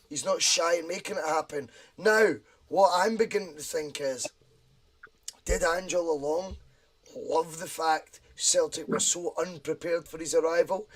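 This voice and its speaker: A man hosting a casual football podcast chat, excitable and swearing freely. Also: high voice, breathy edge. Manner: excitable, swearing, theatrical asides. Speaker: podcast host. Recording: group video call.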